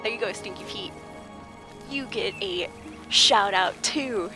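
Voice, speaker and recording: A woman's voice: medium pitch, takes it slowly, pauses often. A woman game streamer chatting casually with her viewers, greeting them by name and laughing often. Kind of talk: casual livestream chat. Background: game music.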